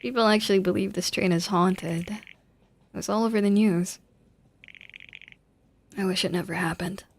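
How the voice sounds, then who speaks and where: A woman's voice: medium pitch, steady tone, normal speed, pauses often, slight background noise, close to an everyday voice. A woman voicing a weary grieving bar boss. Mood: somber. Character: grieving male train bar owner, weary.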